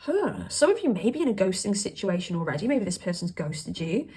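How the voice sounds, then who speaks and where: A woman doing a casual, chatty tarot reading, emphatic and quick to laugh. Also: mid-range voice, very animated, mellow, breathy edge. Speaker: tarot reader.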